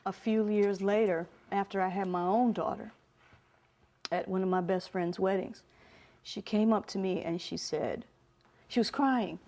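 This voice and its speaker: A woman sharing deeply personal stories as an interview guest. Her voice sits at a middle pitch, lively and expressive, and she laughs easily between lines. At the tender parts she sinks to a soft, breathy hush. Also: a little slow. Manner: animated storyteller who drops to a soft hush for tender moments; laughs often while telling stories. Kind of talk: heartfelt personal storytelling in an interview.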